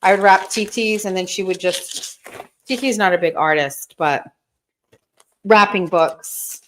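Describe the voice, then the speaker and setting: A woman's voice: mid-range voice, a little slow, a bit bright, slight background noise. A woman in her thirties hosting a casual livestream, rambling and chatty while opening gifts, teary and close to crying. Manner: rambling, nostalgic, chatty with fillers. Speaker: host.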